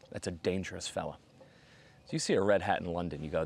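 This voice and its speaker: An American man in his thirties telling a long comic story, jumping into high voices whenever he quotes other people. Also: fast. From United States. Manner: animated, acts out quoted voices with big pitch jumps. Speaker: comedian host. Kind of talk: storytelling stand-up monologue.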